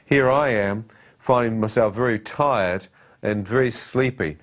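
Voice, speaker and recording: A man's voice: fairly low pitch, unhurried. A man giving a personal testimony, telling his story dramatically and acting out the dialogue and his own thoughts.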